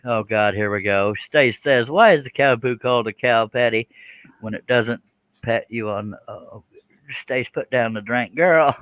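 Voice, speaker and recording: A man's voice: mid-range voice, unhurried, no echo, phone-quality sound. A man hosting a live stream in a casual, joking chat, reading out viewer comments. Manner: joking, chuckles, does silly animal noises.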